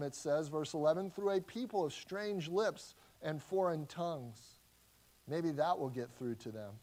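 Man, pastor, sermon teaching, slightly high voice, conversational, animated, restarts often. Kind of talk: expository sermon.

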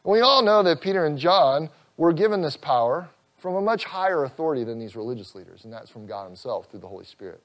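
A man preaching an expository sermon, earnest, rising loud on scripture and dropping soft, with an occasional chuckle. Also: on the high side, sing-song, fast talker, few pauses. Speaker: pastor.

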